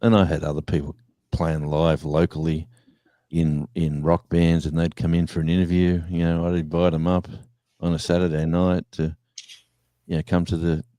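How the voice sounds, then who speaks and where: Live-stream host, man, deep and dry close-mic sound, loose chatty anecdotes. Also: flat delivery, normal speed, dark tone, no room sound. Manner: rambling storyteller, acts out voices in anecdotes, chuckles. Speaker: former radio presenter, show host. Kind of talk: casual live-stream chat.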